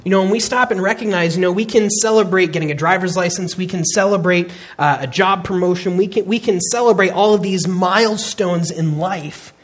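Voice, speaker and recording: A man's voice: sits high, fairly quick, hardly any pauses. A man in his thirties preaching a sermon, earnest and emphatic, often restarting his phrases. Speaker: pastor.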